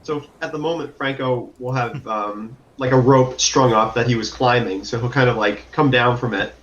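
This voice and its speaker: A man's voice: medium pitch, normal speed, a bit bright, reverberant, slight background noise. A man playing a tabletop game, answering hesitantly with many fillers. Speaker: player. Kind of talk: tabletop game role-play. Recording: dull, muffled mic.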